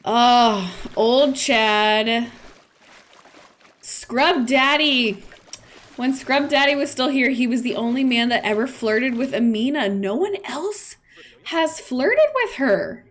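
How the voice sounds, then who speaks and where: A woman's voice: on the high side, animated, takes it slowly, fairly bright tone. A woman streamer chatting playfully through casual gameplay commentary. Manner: chatty, playful, with laughs and fillers.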